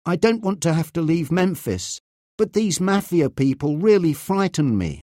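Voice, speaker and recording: A man putting on a frightened mother from a read-aloud story, voiced higher than his narration and rising and falling often. She sounds anxious and tender, in a dry, close recording. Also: sing-song, moderate pace, darkish tone, no room sound. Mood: worried. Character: worried mother, adult woman, loving.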